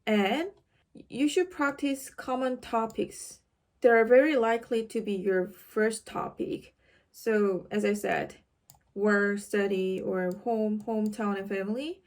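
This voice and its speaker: A woman tutor teaching exam tips to camera in a clear, instructive way, checking in with her listeners often. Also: medium pitch, steady tone, darkish tone. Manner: slow, clear, instructive, with tag questions. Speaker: IELTS tutor.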